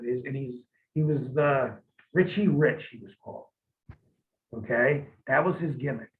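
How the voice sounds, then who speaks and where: A man being interviewed as a guest, telling rambling, profane stories in a casual way. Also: medium pitch. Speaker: interview guest, former pro wrestler. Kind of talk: casual storytelling. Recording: tinny phone-like line.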